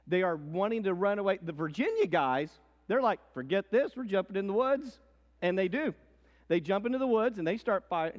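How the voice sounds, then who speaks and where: High-voiced man telling history in a hall. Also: highs cut off. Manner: storytelling, swings between hushed and excited. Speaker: teacher. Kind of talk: animated history lesson with acted quotes. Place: church hall. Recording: long hall reverb.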